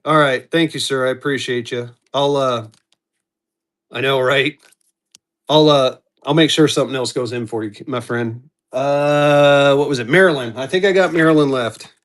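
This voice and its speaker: A man's voice: mid-range voice, normal speed, fairly bright tone. A man hosting a live-stream auction, chatting casually and calling out bidders as they come in. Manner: upbeat, chatty, calls out bidders.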